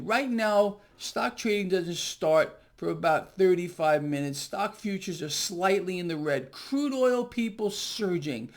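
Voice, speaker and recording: Guy ranting about the economy on his own vlog, repeats himself, pushy and fired up. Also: high-pitched. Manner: emphatic, indignant, repeats points. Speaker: market commentary host. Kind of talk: solo market commentary vlog.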